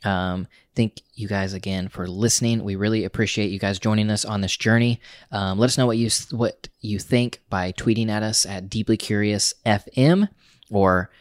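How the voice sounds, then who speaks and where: A man's voice: on the low side, fairly even intonation, moderate pace, no echo, clean studio sound. A young man co-hosting a podcast, chatting loosely with lots of fillers. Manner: loose and rambling, many fillers. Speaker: podcast co-host. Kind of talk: casual chat.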